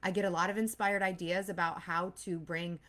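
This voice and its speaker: A woman's voice: lowish voice, fairly even intonation, a little fast, a bit bright. A woman in her thirties who is expecting a baby gives an earnest, casual motivational talk as a mindset coach and host. She often acts out anxious inner voices. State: pregnant.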